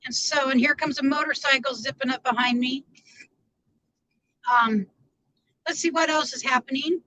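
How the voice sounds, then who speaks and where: High, bright-voiced woman chatting from a car. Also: steady tone, normal speed, poor audio. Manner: rambling, chatty, greets viewers by name. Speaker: live streamer. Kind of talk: casual live-stream chat while driving. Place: inside a car.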